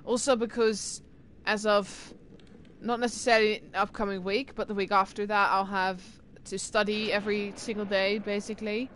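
A young woman talks to her stream audience in a loose, rambling way, full of fillers and false starts. Her English accent lets a little Irish and Scottish slip through. Her pitch sits in the ordinary middle range, and a faint hiss sits under the voice. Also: little pitch movement, normal speed, a bit bright. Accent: English with Irish and Scottish touches. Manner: rambling, chatty, many fillers and restarts. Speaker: gaming streamer. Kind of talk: casual chat to stream viewers.

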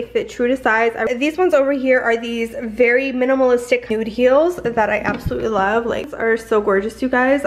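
A young woman from Canada talking through a clothing haul in a gushing, chatty way with lots of fillers. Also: on the high side. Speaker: fashion haul vlogger. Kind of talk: casual haul vlog chat.

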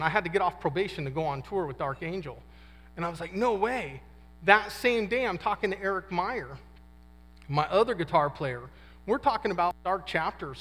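Recorded with the long reverb of a big conference hall, this fifty-something man has a high, slightly bright voice. He's the guest speaker at a men's conference, giving a slangy, relaxed testimony and voicing quotes as he goes.

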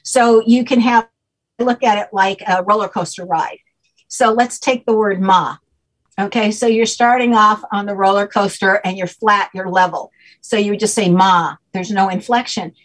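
Podcast guest: woman, husky, mid-pitched, patient step-by-step explainer. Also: steady tone, normal speed, rough recording. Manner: patient, explains step by step with frequent "okay?" checks. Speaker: guest, name expert.

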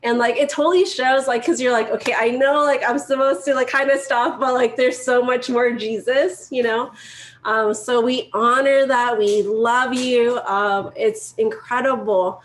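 A high-voiced woman leads a group and praises a speaker with effusive warmth. She talks at an unhurried pace, with lots of casual fillers. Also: fairly even intonation, slight background noise, low-quality recording. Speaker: group leader giving feedback. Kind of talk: encouraging casual feedback.

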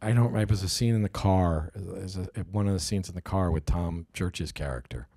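A man's voice: low-pitched, fairly quick, creaky, warm tone, dry recording, studio quality. A middle-aged man answering interview questions in a casual, hesitant way, acting out people he quotes. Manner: hesitant, restarts, acts out quoted voices animatedly. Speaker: actor interviewee.

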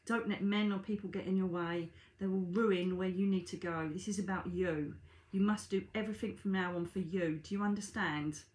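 A woman's voice: mid-range voice, fairly even intonation, moderate pace, few pauses, a little mellow, close to an everyday voice. The earnest spirit of a loving dead father, as a woman reads him out. He urges and pleads in a plain, mid-range voice that rings with room echo. The delivery stays close to an everyday reading voice. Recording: echoey room.

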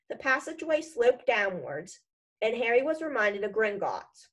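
A woman's voice: mid-range voice, very animated, moderate pace, rough recording. A woman reading a children's novel aloud in a casual storytelling manner. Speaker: reader.

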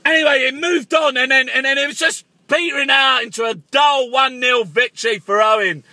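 A man delivers a shouty, excitable comic rant and stammers over repeated words. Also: extremely high pitch, a little fast, no echo.

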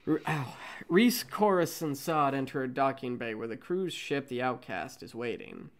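A man's voice: mid-range voice, lively intonation, moderate pace. Man casually narrating a script read. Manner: casual, joking. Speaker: co-host reading a fan script.

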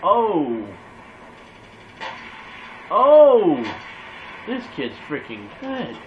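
A man commentating his own shooter gameplay, excitable and yelling and swearing at the game, heard through a dull lo-fi mic. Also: high voice, drawn-out words, a little hiss or hum. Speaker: gamer.

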